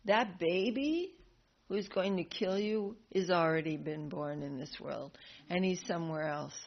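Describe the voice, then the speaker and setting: A woman storyteller playing a fearsome warrior goddess who scolds a king slowly, weighing each word. The voice sits low. The recording is slightly dull and lo-fi. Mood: stern mocking.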